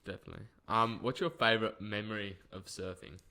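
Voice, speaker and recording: A man co-hosting a casual chat show, quick and blunt, swearing offhandedly. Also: on the low side, fairly even intonation, bright, forceful tone. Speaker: co-host.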